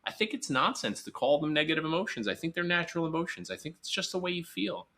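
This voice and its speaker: A psychologist guest in a podcast interview, talking earnestly and emphatically, sometimes acting out quoted voices. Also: male voice, on the high side, quick pace, pushed and bright.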